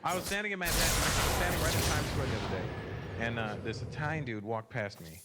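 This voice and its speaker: Animated profane stand-up comedian, a man. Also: fairly high pitch, fast, very noisy. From Canada. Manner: animated, profane, acts out voices. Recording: stand-up audio under loud music.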